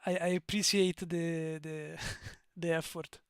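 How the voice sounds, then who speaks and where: A man's voice: fairly high pitch, level tone, slow, clean tone, no room sound, clean studio sound. A man with an Italian accent chatting casually on a live stream, rambling, digressing and laughing often. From Italy.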